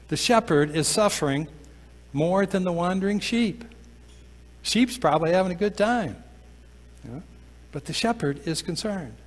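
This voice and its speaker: Man preaching in a reverberant church. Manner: slows down and drops to a soft, low voice for emphasis. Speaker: pastor. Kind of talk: sermon. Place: church sanctuary.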